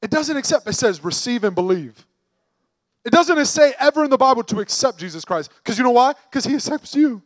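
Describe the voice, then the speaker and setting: A man with a strikingly high voice preaches a sermon. He talks emphatically and conversationally and keeps asking his listeners questions. The sound is dry and close, with no room echo. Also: animated, fairly quick.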